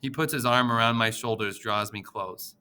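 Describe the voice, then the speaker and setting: A man narrating an audiobook in the first person, with an expressive, emotional reading. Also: mid-range voice, normal speed, clear, resonant tone.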